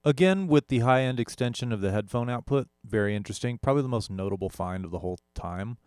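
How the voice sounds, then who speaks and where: A man's voice: medium pitch, lively intonation, fast, a little mellow, clean tone, dry recording, studio quality, faint music behind. A young man, a musician, casually talking through an audio gear comparison, rambling and correcting himself as he goes. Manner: rambling, self-correcting, with frequent fillers. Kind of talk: casual tech demo talk.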